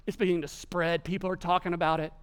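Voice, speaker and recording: Guy preaching, high voice, really animated storytelling. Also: fast talker, smooth. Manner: animated storytelling, voicing characters in quotes. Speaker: pastor. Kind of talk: sermon.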